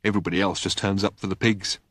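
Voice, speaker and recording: A man's voice: low-pitched, level tone, fast talker, fairly bright tone, slightly rough, dry recording, studio quality. A man voicing a gloomy, taciturn old male god who talks in terse, clipped phrases. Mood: grumbling.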